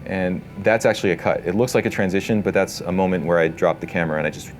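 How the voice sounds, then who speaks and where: A man giving a casual live workshop talk to an audience in an event space, relaxed and talkative, full of filler words. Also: sits low, fast, soft background music. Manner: relaxed, talkative, many "like" and "you know" fillers.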